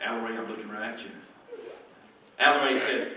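A man preaching a lively sermon as pastor, sometimes hollering, in a church. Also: on the low side, a little fast, long pauses. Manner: animated, hollering at times. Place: church sanctuary. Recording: echoey hall, far from the mic, noisy.

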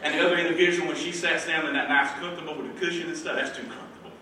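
Man, pastor preaching, high voice, very echoey hall, distant mic, background noise. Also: very fast. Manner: animated, hollering at times. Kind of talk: sermon. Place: church sanctuary.

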